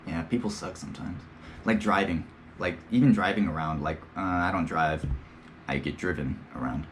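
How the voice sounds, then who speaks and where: A man's voice: low-pitched, normal speed, a little hiss or hum. A young man hosting a podcast, talking in a rambling, slangy, profane casual monologue and slipping into playful impressions. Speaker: podcast host.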